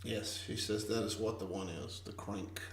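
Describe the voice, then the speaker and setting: A man's voice: fairly low pitch, fairly even intonation, normal speed, creaky, reverberant, distant mic. A man co-hosting a live stream, laughing and teasing himself in a self-mocking way. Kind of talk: casual live-stream chat.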